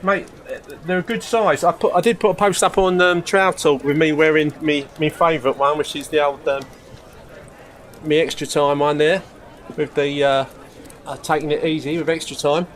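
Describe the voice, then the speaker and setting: A man hosts a live stream, chatting casually with his viewers and calling them mate. He rambles, is forgetful, and often loses his thread. His voice is a little high, with fairly even intonation and a normal speed.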